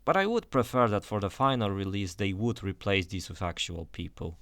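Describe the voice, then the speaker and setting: Lively young man reviewing a game. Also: lowish voice, brisk, dry recording. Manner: enthusiastic, conversational. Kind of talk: scripted game review voice-over.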